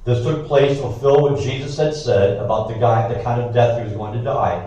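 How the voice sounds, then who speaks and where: A man reading scripture aloud with brief comments of his own, steady but with occasional stumbles and asides. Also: medium pitch, brisk, lo-fi sound. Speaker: scripture reader. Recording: echoey room, distant mic.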